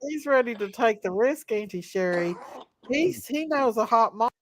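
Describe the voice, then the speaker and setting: A woman's voice: fairly high pitch, animated, normal speed, slight background noise. A woman hosting a casual livestream, teasing her friends and thanking viewers. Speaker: livestream host. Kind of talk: casual group livestream chat.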